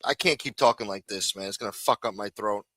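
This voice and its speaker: A man's voice: fairly low pitch, brisk, pushed and bright, dry recording. A man hosting a live chat show, talking casually and swearing in exasperation. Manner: exasperated, cursing. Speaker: host.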